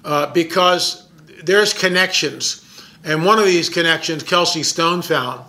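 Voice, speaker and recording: A man with a fairly high, bright and forceful voice tells a story straight to the listener. He talks in a loose, excited way, pressing hard on his points and stumbling over repeated words as his thoughts race ahead. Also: a little slow. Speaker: documentary filmmaker. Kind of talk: casual storytelling monologue.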